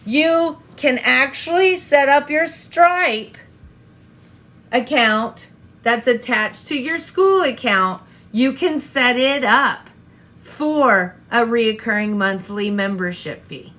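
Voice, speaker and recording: A woman's voice: sits high, animated, takes it slowly, fairly bright tone. A woman coaching an online audience, talking straight to viewers and firing rhetorical questions, often repeating herself. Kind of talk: live-stream coaching talk.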